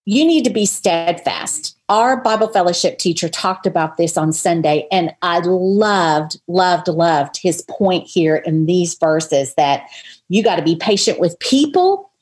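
A woman co-hosting a casual Bible study podcast, earnest and expressive as she reads scripture and reflects on it. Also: fairly low pitch, measured pace, breathy edge. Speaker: podcast co-host.

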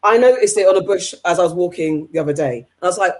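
Podcast co-host, male, higher pitch, brisk lively storytelling. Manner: quick, animated storytelling. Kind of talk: casual chat.

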